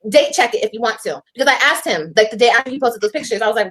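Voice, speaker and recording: A woman in a fairly high voice, venting on a livestream. She curses freely and hammers her points by saying them twice. Her delivery is animated and unscripted. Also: very fast. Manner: animated, profane, repeats herself for emphasis. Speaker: livestreamer telling her side of a breakup. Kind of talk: casual livestream storytelling.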